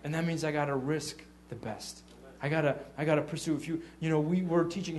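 A man giving an informal testimony sermon as a church leader, telling animated stories and acting out what people said, with frequent stammered restarts. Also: a little high, a little fast, hardly any pauses. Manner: animated storytelling, acting out quotes.

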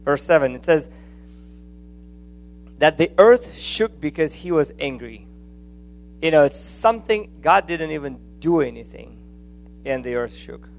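Male preacher, casual and animated delivery, gravelly tone, faint hum in the recording. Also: a little high, a little slow, pauses often. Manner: conversational, animated, frequent restarts and asides. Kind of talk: sermon.

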